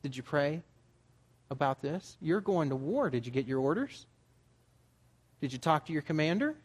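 A man's voice: a little high, very animated, normal speed, slightly rough. Man preaching a conversational sermon. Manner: conversational preaching, rising to emphatic urging. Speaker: pastor.

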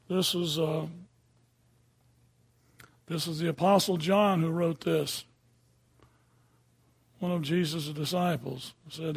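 Gravelly older man preaching, folksy. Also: fairly high pitch, fairly even intonation, a little slow, long pauses, a little mellow. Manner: folksy, conversational, frequent "okay?" checks. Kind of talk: sermon.

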